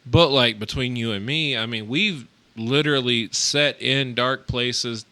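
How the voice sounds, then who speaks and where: A man on a podcast with a bright, forceful voice, talking in a relaxed, earnest way. He drops quick jokes and asides between sincere points. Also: medium pitch. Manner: easygoing, earnest, joking asides. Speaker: podcast co-host; nursing home worker. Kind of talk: casual podcast chat.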